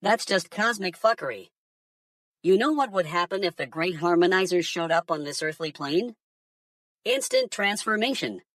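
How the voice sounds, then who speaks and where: A woman's voice: on the low side, expressive, moderate pace, no room sound, studio quality, far from the mic, natural voice. A woman voicing a crude alien conspiracy theorist who talks down to humans in a profane, mocking rant. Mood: scornful. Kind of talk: AI-generated news segment.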